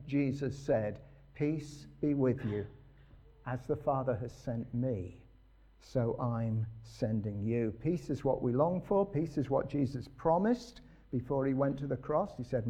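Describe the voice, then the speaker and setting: A man's voice: medium pitch, dark tone. A man preaching a sermon in an earnest, emphatic way, putting rhetorical questions to his listeners.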